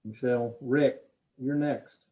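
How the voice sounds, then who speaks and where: A man with a Southern US accent moderating a video call, briskly calling on each person in turn. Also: medium pitch, steady tone, background noise. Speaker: meeting moderator. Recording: tinny phone-like call audio.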